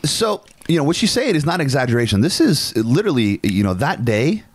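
A young adult man from Northern California co-hosting a podcast, telling a story in an animated, casual way and swearing freely. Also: medium pitch, fairly quick, breathy edge, dry recording. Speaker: podcast co-host. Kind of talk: casual chat.

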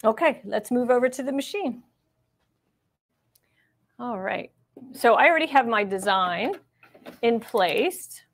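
A woman's voice: mid-range voice, gravelly. A middle-aged woman teaching machine embroidery in a live demonstration, chatty and reassuring, thinking aloud as she works.

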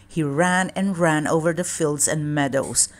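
A woman reading a children's storybook aloud in a calm, measured way. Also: low voice. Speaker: children's book reader.

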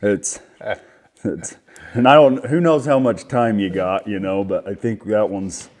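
A man's voice: fairly low pitch, measured pace, darkish tone. A man hosting a casual interview, an easygoing and enthusiastic listener. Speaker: podcast host.

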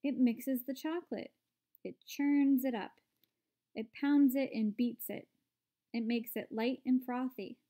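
A woman's voice: high-pitched, steady tone, measured pace, dark tone. Mister Wonka, showy candy maker, a woman reading. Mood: enthusiastic. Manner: enthusiastic and showy. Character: eccentric showman chocolate maker, male, excitable.

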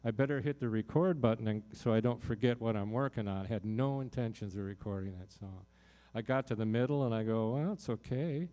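Lowish mellow guy rambling through a heartfelt story on stage, lots of uh's. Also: brisk, hardly any pauses. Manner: loose, heartfelt storytelling with many fillers and restarts. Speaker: singer-songwriter performing in concert. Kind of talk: personal story told to a live audience.

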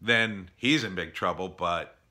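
A middle-aged man tells a story in a casual opinion monologue, with a rather low voice and a sharp, forceful, bright tone. He talks in an animated way and acts out both sides of the conversation in exasperated bursts. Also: unhurried. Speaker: former teacher telling an opinion story.

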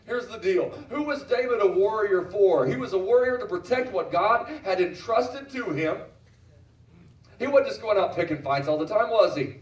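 A middle-aged pastor preaches a sermon in a church sanctuary, his high-pitched voice animated and at normal speed. He's emphatic, repeats phrases, and asks the congregation questions, captured in roomy church audio from a distance.

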